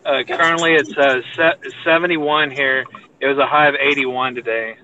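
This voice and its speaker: Texan guy rambling on a call from his car, bright tense voice, kinda muffled. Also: mid-range voice, steady tone, moderate pace, a little hiss or hum. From Texas. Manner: rambling, lots of fillers and restarts. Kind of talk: casual chat. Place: parked car.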